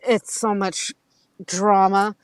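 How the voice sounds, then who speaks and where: Casting: woman, 30s, mid-pitched, chatty storyteller who acts out quotes and laughs often. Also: flat delivery, takes it slowly, smooth, no echo, poor audio. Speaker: guest. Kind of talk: casual chat.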